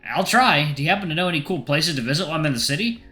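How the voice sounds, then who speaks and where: A man's voice: fairly high pitch, animated, very fast, sharp tone, soft background music, pitched above the performer's own voice. A man voicing a 23-year-old male traveler who talks casually and gets defensive. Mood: polite.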